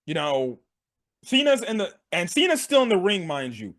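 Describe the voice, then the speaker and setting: A young man casually recapping a wrestling event for his sports channel, slangy and excitable, laughing and acting out what people said. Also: high voice, normal speed. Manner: excitable, slangy, laughs a lot, acts out quotes. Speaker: sports commentary vlogger.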